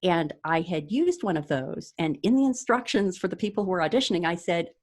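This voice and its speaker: A woman with a somewhat low voice, interviewed as an author. She talks in a measured, explanatory way and relaxes into anecdotes as she goes. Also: expressive, darkish tone. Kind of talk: casual interview chat.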